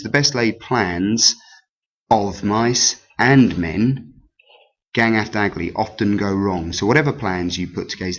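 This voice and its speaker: A man teaching an exam revision lesson in a hesitant, unscripted way, with many pauses and restarts. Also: sits low, breathy edge. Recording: dull lo-fi sound.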